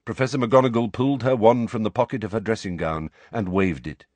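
A man's voice: lowish voice, steady tone, brisk, few pauses, darkish tone, no room sound. A man narrating an audiobook expressively, shifting his voice for the characters.

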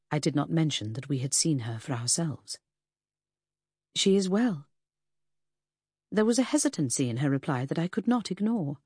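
A woman reading a first-person novel aloud in a measured, even storytelling way. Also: deep voice, breathy edge, no echo, studio quality. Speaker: audiobook narrator. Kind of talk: scripted first-person narration.

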